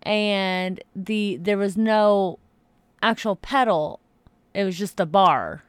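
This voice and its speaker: A woman in her thirties chatting casually as co-host, relaxed and quick to laugh. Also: mid-range voice, clean tone, dry recording. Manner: relaxed, laughs easily, unhurried. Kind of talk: casual chat.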